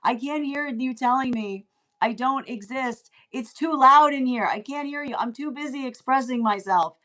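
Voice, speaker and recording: A woman's voice: high voice, normal speed, pitched above the performer's own voice, poor audio. Woman putting on a teasing, defiant pot-banger. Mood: teasing defiance. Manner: sing-song, teasing, loudly repeating herself. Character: defiant person banging pots, drowning out denial.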